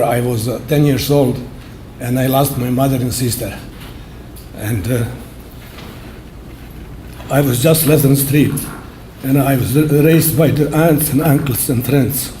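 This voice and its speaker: An older man in his seventies gives an acceptance speech at a podium, his voice mellow and relaxed. He speaks plainly and haltingly in simple phrases. The sound carries the roomy echo of a banquet hall. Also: medium pitch, a little hiss or hum. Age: 70s. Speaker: award honoree. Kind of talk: acceptance speech, personal storytelling.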